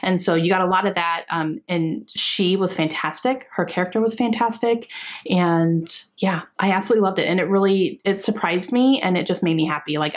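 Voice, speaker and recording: A woman book vlogger chatting casually and gushing enthusiastically about books she loved, laughing often. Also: on the low side. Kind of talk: casual chat.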